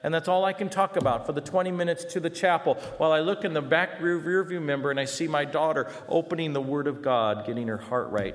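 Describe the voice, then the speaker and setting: A middle-aged man preaching a sermon, telling stories with animated swings between loud and hushed delivery. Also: fairly high pitch, fast talker, hardly any pauses. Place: church sanctuary. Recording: long reverb of a large hall.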